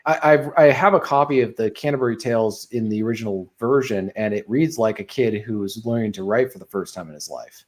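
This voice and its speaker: A man's voice: on the low side, a little fast, a little mellow. A man, a podcast guest, talking casually over a video call, rambling with frequent ums and uhs.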